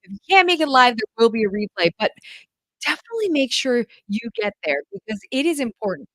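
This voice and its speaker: Animated, enthusiastic woman homeschool coach. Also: a little high, fast, dry recording, rough recording. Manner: enthusiastic, chatty, addresses listeners as "you guys". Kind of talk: direct-to-audience podcast monologue.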